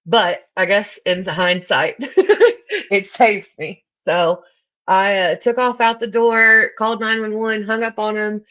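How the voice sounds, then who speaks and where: A woman's voice: mid-range voice, takes it slowly, a bit bright, lo-fi sound. A woman giving a candid recovery testimony, blunt and full of fillers. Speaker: recovery speaker.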